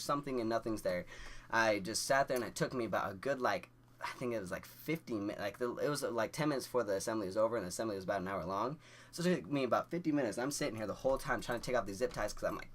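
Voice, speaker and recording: Young man, vlogger, casual storytelling, rambling, lots of fillers, mid-pitched voice. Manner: rambling, many "like" fillers and restarts; animated, laughing through the story.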